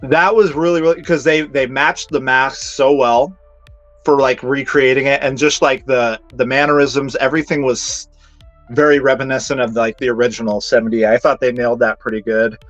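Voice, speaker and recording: A man talks over a film in a casual podcast chat, hesitant and rambling, circling back as he gathers his thoughts. His voice sits at an ordinary middle pitch. The audio is slightly dull and lo-fi, with faint music under it. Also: fairly even intonation, moderate pace, a bit bright. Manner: hesitant, rambling with many fillers and restarts. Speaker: podcast co-host. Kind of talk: casual movie review chat.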